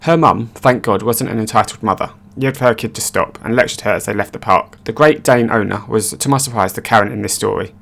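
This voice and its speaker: A man giving scripted narration of online stories in a brisk, matter-of-fact reading voice. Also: on the low side, vocal fry, a bit bright.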